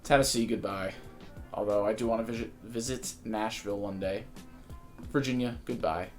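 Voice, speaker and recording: A young man from New Jersey hosting a casual chat, joking about himself in animated banter. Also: on the low side, normal speed, soft background music. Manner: animated, self-deprecating banter. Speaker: podcast host.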